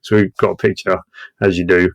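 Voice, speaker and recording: Guest: man, 30s, lowish voice, salty and animated, laughs through his own tales. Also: brisk, vocal fry, highs cut off. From Britain. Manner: profane, acts out quoted voices, laughs often. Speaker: guest veteran. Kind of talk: casual war storytelling.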